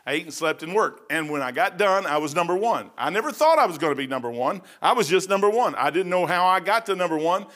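A man in his sixties preaches in a folksy, rambling manner, often wandering into joking asides. His voice sits somewhat high and has a bright, forceful edge. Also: expressive, fast, few pauses. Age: 60s. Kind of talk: informal sermon.

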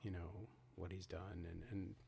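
A man's voice: deep voice, flat delivery, a little slow, creaky, warm tone, a little hiss or hum. A man co-hosting a podcast, retelling a movie's ending in casual talk with many restarts and acted-out quotes. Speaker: podcast co-host. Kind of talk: casual film discussion.

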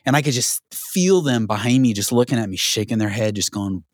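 A man telling a studio story as an interview guest, animated and full of restarts and fillers. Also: mid-range voice, brisk, hardly any pauses, no echo. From Southern California. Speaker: guest, record producer.

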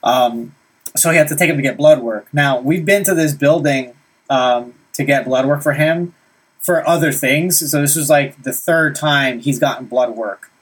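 A man's voice: mid-range voice, moderate pace, husky. A young man telling a story about his son in casual, rambling talk, full of "like" and "right?". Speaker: vlogger dad.

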